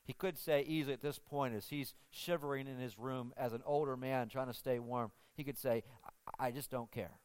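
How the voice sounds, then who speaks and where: A man's voice: mid-range voice, fairly even intonation, fairly quick, hardly any pauses, a little mellow, clear, resonant tone. A man preaching a sermon, retelling scripture in a casual, conversational way with frequent restarts.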